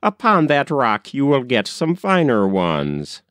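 A crafty old magician, wicked and scheming, put on by a man reading a storybook aloud. He coaxes and plots in a slow, lilting voice that rises and falls a lot. The recording is dry and close. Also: mid-range voice, wildly swooping pitch, a bit bright, smooth, no echo, heavily acted. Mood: coaxing. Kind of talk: audiobook character reading.

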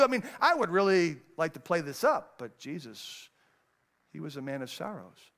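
A man, a pastor, preaching a sermon, moving between raised, emphatic lines and hushed, low passages as he reads scripture. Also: very animated, normal speed. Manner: reads scripture in old-fashioned wording.

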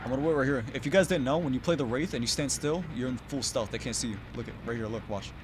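A man giving live gameplay commentary, muttering under his breath and then yelling profane taunts at other players. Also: quick pace, heavy background noise. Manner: mutters low, then bursts into loud taunting yells; profane, trash-talking. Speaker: gaming YouTuber.

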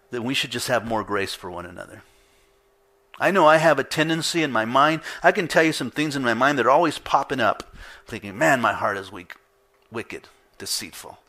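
A pastor preaching a conversational sermon, asking rhetorical questions and repeating points for emphasis. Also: male voice, mid-range voice, expressive, normal speed, sharp tone.

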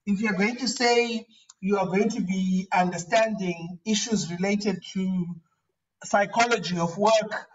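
A male professor gives a relaxed lecture on writing. His voice sits high, and he often repeats himself and restarts his phrases as he talks. The sound is dull and lo-fi, and he is set back from the mic. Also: unhurried. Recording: dull, distant lo-fi recording.

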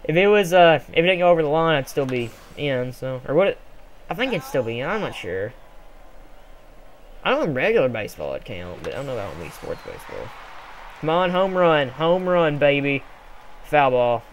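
A young man casually commenting on a sports video game he is playing, rambling and excitable with sudden yells. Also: on the high side, normal speed, a little hiss or hum. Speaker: gameplay commentator. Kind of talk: casual let's play commentary.

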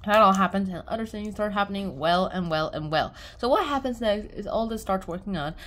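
A woman's voice: medium pitch, brisk, a bit bright. A woman casually summarizing a short story, rambling with lots of fillers. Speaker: book reviewer.

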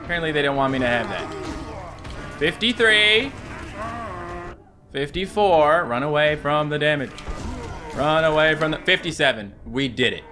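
A man in his thirties giving excitable, jokey let's-play commentary, talking to enemies and viewers. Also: fairly high pitch, unhurried, long pauses. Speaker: gaming YouTuber.

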